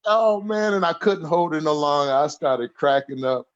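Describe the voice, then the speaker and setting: A man's voice: a little high, expressive, moderate pace. Older man in his sixties, easygoing joker and storyteller, slightly muffled sound. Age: 60s. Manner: humorous, laughs through his stories. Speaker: podcast guest. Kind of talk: casual storytelling interview.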